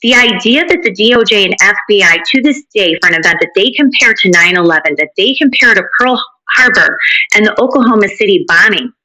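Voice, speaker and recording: A woman's voice: mid-range voice, lively intonation, brisk, sharp tone, poor audio. A woman speaking as a guest commentator, laying out her case in firm, detailed commentary. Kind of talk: political commentary.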